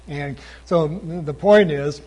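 A man delivering a sermon from the pulpit, his voice a little husky and pitched somewhat high. He preaches with passion, climbing to loud, emphatic peaks before easing back down. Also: slow pace, rough recording. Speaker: pastor.

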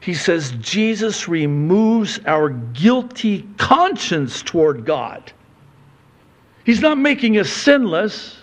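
A man, a pastor, preaching a conversational sermon that swings from soft, low asides to loud, emphatic questions. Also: sing-song, takes it slowly.

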